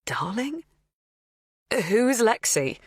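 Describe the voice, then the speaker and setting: Woman doing a scared young woman, voice pitched up. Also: lively intonation, fairly quick, no room sound, studio quality. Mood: alarmed. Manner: tense, rising in pitch. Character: frightened young woman, confused and defensive. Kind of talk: audiobook dialogue.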